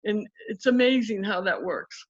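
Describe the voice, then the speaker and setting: A woman coach in an interview, telling stories with lively acted-out quotes in casual talk. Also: medium pitch, moderate pace, over a noisy crowd. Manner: animated, acts out quotes in story. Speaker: guest coach. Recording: dull lo-fi audio.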